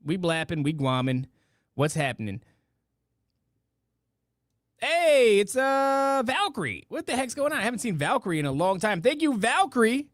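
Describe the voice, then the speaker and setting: Reading donations on his casual live stream, this man is playful and jokey, leaning on silly catchphrases he keeps repeating, and he stumbles and restarts over the amounts. His high-pitched voice swings widely in pitch at a moderate pace with frequent pauses, captured in clean studio sound without echo.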